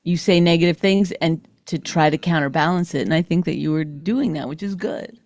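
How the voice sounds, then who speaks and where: A woman's voice: sits low, fairly quick, a little mellow, no room sound, clean studio sound. A middle-aged woman from Canada co-hosting a podcast, bantering and arguing playfully with her husband and often mimicking him. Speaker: podcast co-host. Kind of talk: casual banter with spouse.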